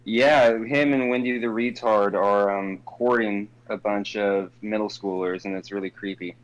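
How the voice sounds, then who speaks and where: A man's voice: on the low side, steady tone, unhurried, muffled recording. A man chatting casually as a podcast guest, gossiping and mocking. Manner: gossipy, mocking, slips into impressions. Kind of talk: casual chat.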